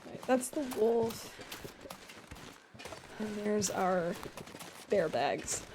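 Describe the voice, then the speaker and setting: A woman's voice: mid-range voice, animated, very slow, background noise. A young woman streaming a survival game from home, chatting casually with viewers and laughing often. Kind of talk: casual gameplay commentary.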